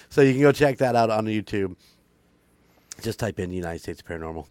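A man's voice: fairly low pitch, expressive, normal speed, a little mellow, no room sound. A man hosting a paranormal podcast, wrapping up in a rambling, upbeat way with frequent laughs. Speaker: podcast host. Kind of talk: casual podcast outro chat.

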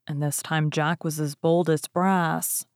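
A woman narrating a fairy tale, reading expressively with lively rises on exciting words. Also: deep voice, slow pace, no room sound, studio quality. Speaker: story reader. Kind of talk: storybook narration.

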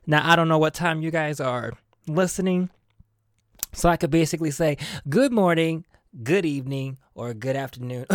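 A man's voice: on the high side, lively intonation, a little slow, no echo, studio quality. A man hosting his own podcast, chatting casually in a sassy, playful, diva-ish way and laughing often. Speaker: podcast host. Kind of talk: casual solo podcast chat.

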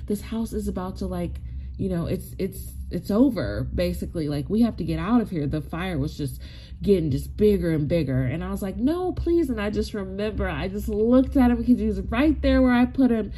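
A woman's voice: medium pitch, fairly quick, a little hiss or hum. Tearful woman in her forties telling a story. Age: 40s. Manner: animated, rambling, with many likes and you knows. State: tearful, on the verge of crying. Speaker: spiritual wellness vlogger. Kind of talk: emotional personal storytelling.

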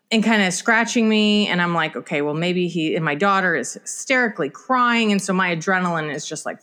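A middle-aged woman co-hosting a podcast, telling a story in casual chat and acting out the dialogue. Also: medium pitch. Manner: animated storyteller, acts out quoted dialogue. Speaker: podcast co-host.

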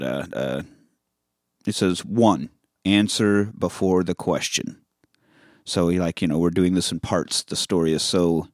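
A man hosting a podcast, recapping a film in casual chat, laughing often and breaking into loud silly voices. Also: lowish voice, no room sound, clean studio sound. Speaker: podcast host.

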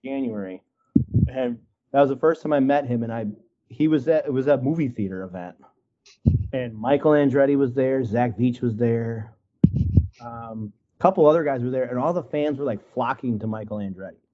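A man's voice: medium pitch, moderate pace, muffled recording. A man from Wisconsin telling a casual story on a video call, rambling with lots of likes and you-knows and acting out quotes. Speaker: guest artist.

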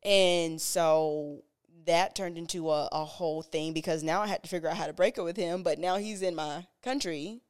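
A woman talks frankly through a personal story on a podcast, her voice smooth and clean. She sits a little low in pitch and keeps an earnest, straightforward tone. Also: moderate pace, few pauses. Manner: earnest, direct, conversational. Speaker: podcast co-host.

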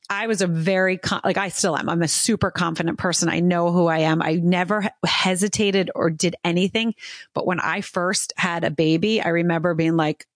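A woman's voice: on the low side, no echo. Chatty middle-aged woman host, dry sound. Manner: chatty, rambling storyteller acting out quoted dialogue. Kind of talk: casual interview chat.

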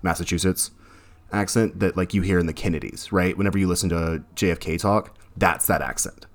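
Man, very low voice, casual rambling podcast co-host. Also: fairly even intonation, brisk. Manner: rambling, many fillers and restarts. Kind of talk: casual film discussion.

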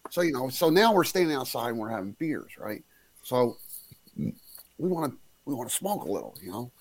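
A man tells a story in an easy, rambling way, often stopping and starting over mid-sentence. His voice is at an ordinary middle pitch. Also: no echo. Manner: relaxed, rambling, halting restarts. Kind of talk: casual storytelling chat.

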